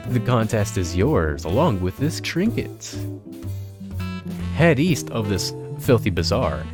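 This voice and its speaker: A man's voice: on the low side, big pitch swings, slow, music in the background. A man voicing a smug, grandiose male dinosaur shopkeeper who talks in a pompous, archaic way.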